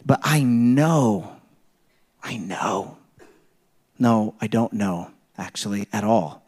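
A man preaching a sermon in a conversational, animated way, full of rhetorical questions and illustrations from his home life. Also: fairly low pitch, slow, husky. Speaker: pastor.

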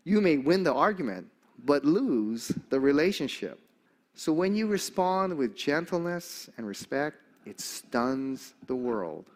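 A man's voice: fairly high pitch, measured pace. An older man preaching a sermon, telling stories animatedly and acting out the voices of the people he quotes. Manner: animated storyteller, acts out quoted voices, chuckles often.

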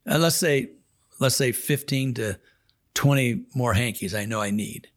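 A man's voice: medium pitch, unhurried. A man, a chaplain, telling a story from the pulpit in an earnest, folksy way, acting out the dialogue. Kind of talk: storytelling sermon.

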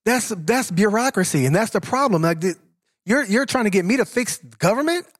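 A man's voice: high voice, lively intonation, fairly quick, no echo, clean studio sound. A man arguing bluntly and emphatically in a casual debate, swearing freely as he presses his point.

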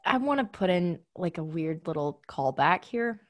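A woman co-hosting a podcast in casual chat, giving earnest, animated advice. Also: lowish voice, normal speed. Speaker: podcast co-host.

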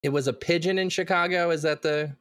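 A man's voice: a little high, fairly even intonation, heavy background noise. A man co-hosting a podcast, chatting playfully and riffing on the others' jokes. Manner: playful, quick to laugh along. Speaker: podcast co-host. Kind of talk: casual podcast chat.

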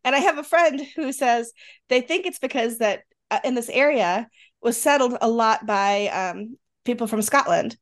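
A middle-aged woman with a Western New York accent and a high voice chats easily on a podcast. She talks freely and laughs often between thoughts. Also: moderate pace. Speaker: podcast co-host. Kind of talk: casual chat.

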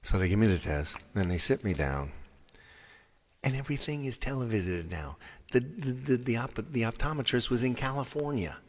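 A man's voice: mid-range voice, big pitch swings, normal speed, in a large hall. A man telling a rambling story in a casual, exasperated way.

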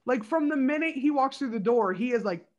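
A woman's voice: high voice, expressive, brisk, darkish tone. Chatty enthusiastic woman podcast co-host. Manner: chatty and enthusiastic, many "like" fillers. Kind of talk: casual fan chat reviewing a TV episode.

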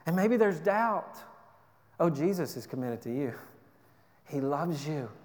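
A man preaching a sermon as a pastor, earnest, repeating words and dropping to a soft low voice for emphasis. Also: lively intonation, a little slow, in a large hall.

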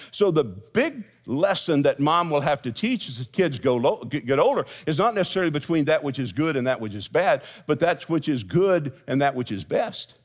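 Folksy pastor preaching. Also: male voice, on the high side. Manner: folksy storytelling with jokes and asides. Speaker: senior pastor. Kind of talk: sermon. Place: church sanctuary with congregation.

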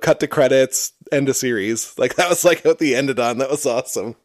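A man's voice: medium pitch, a little fast, no room sound, studio quality. Mocking man in casual crude chat. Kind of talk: casual chat reviewing a TV episode.

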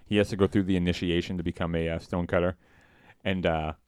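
Deep-voiced man rambling in casual chat. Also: quick pace, smooth, no room sound, studio quality. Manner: rambling, quoting cartoon lines in excited bursts. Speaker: podcast co-host.

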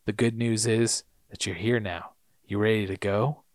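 A man voicing a calm, knowing older man from a TV drama, speaking in a low, measured way while recapping scenes. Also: dry recording, clean studio sound, close to an everyday voice.

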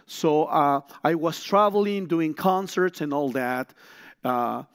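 Man, middle-aged, sermon storytelling, slow, somewhat high pitch. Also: clear, resonant tone. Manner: animated storytelling, frequent restarts and acted-out quotes. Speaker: guest speaker.

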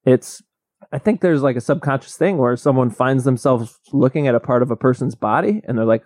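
Deadpan man pitching absurd theories. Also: brisk, dry recording, clean studio sound. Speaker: podcast co-host, comedian. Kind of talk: casual comedic chat.

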